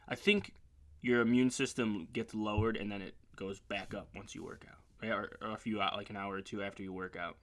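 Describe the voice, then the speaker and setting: A man's voice: fairly low pitch, fairly even intonation, a little fast, a bit bright. A man in his thirties hosting a casual internet radio show, rambling and joking on his own. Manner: rambling, jokey, reads sponsor ads in a hyped voice. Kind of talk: casual solo talk show.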